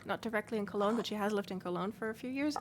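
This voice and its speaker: A woman's voice: mid-range voice, rapid-fire, slight background noise. Chatty northern German woman streamer. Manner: chatty, explains with many fillers. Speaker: let's play streamer. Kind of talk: casual gameplay chat.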